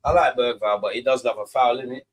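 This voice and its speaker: A man's voice: mid-range voice, fairly even intonation, quick pace. Streamer type: thirties man, loose slangy football chat, rambling banter. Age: 30s. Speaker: watch-along streamer. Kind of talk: casual live football watch-along commentary.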